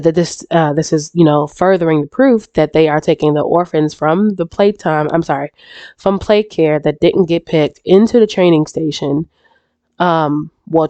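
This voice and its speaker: A woman's voice: sits low, mellow, no echo. A woman with a stuffy, congested voice and a sore throat, chatting casually through game theories, rambling and often restarting her sentences. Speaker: YouTube reaction creator.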